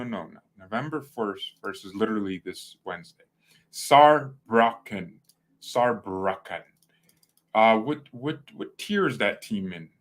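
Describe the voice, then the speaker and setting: A man's voice: lowish voice, fairly bright tone. Young dude rambling about football on his channel, lots of slang, jumps around. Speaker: fan channel host. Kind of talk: casual football reaction chat.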